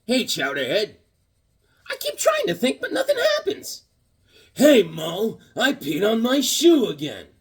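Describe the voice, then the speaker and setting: A man voicing a dim-witted slapstick comedian in a high, squeaky, dopey voice. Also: huge pitch swings, measured pace, far from the mic, full character voice. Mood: goofy. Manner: goofy and dopey.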